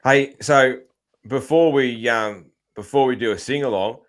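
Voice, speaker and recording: A man's voice: mid-range voice, unhurried. A man with an Australian accent hosting a casual podcast chat, rambling with lots of ums and freely swearing. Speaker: podcast host.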